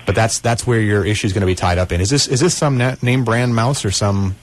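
A man's voice: on the low side, brisk. A man hosting a call-in computer help radio show, talking casually and rambling with frequent restarts. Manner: rambling, restarts often, folksy. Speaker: radio tech show host.

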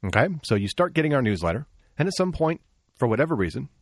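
A man's voice: medium pitch, big pitch swings, quick pace, no echo, clean studio sound. A man co-hosting a radio tech show, bantering and giving advice directly. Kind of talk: casual radio tech talk.

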